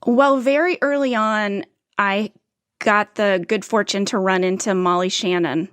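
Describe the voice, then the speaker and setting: A woman from St. Louis shares stories as a podcast guest, earnest and anecdotal. Her voice is mid-pitched and recorded dry and close, with no room around it. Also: steady tone, measured pace, a bit bright, clear, resonant tone, dry recording. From St. Louis, USA. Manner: earnest, anecdotal, with small restarts. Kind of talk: candid conversational storytelling.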